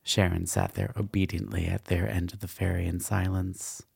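A man narrating a dark fantasy story in a slow, measured way. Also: low-pitched, little pitch movement, creaky, slightly rough, no echo, clean studio sound.

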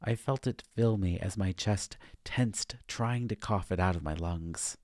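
A man narrating a first-person story in a measured, even reading. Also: low voice, no echo, studio quality.

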